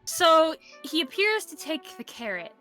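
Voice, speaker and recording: A woman's voice: extremely high pitch, sing-song, a little slow, sharp tone, faint music behind. A woman narrating as game master in a casual tabletop game, chatty and full of fillers.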